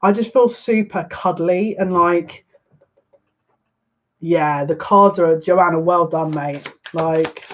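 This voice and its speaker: A woman's voice: lowish voice, slow, dull audio. A woman giving a live-stream tarot reading, chatty and emotional, talking back to viewer comments. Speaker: psychic reader.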